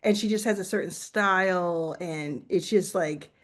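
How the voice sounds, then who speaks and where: A woman hosting a casual chat, talking in an animated way, full of restarts and "like". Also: lowish voice, measured pace. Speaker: host.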